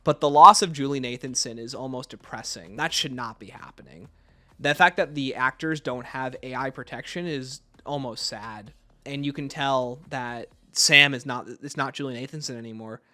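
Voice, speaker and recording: A man's voice: mid-range voice, moderate pace, sharp tone. A man giving an unscripted video game review in a casual, rambling way, often restarting his sentences.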